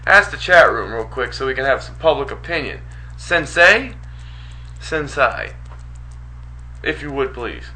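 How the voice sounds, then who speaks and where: A man's voice: medium pitch, animated, brisk, few pauses, bright, forceful tone, slight background noise, rough recording. A man co-hosting a wrestling talk radio show, teasing his partner in profane, casual banter.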